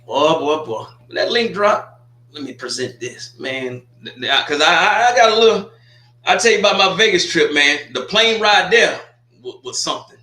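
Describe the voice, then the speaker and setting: A man's voice: fairly high pitch, animated, normal speed, pushed and bright, echoey room. A man hosting a casual sports talk livestream, loose and joking, trash-talking teams between restarts and asides.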